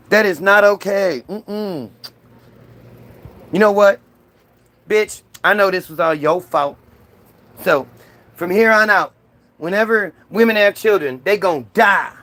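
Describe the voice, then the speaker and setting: A man voicing a furious, petty male God who shouts crude, slangy complaints. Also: high-pitched, expressive, takes it slowly, pauses often, voice pushed up, exaggerated voice. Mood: scolding.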